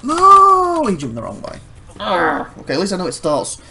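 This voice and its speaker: Exclaiming gravelly-voiced gamer man. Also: on the high side, big pitch swings, racing, background noise. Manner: exclamatory, frustrated, talks to the game. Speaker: let's play host. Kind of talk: live gameplay commentary.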